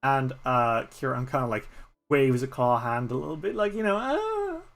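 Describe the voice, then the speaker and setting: A man's voice: mid-range voice, expressive, moderate pace, creaky, fairly bright tone, faint music behind. A man with an Irish accent narrating a solo tabletop game as game master in a rambling way, with many fillers.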